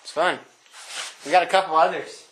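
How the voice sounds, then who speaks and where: A woman chatting casually outdoors while setting off fireworks, excitable, swearing and laughing often. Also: on the low side, normal speed. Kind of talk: casual chat. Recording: echoey, from off-mic, loud firework noise.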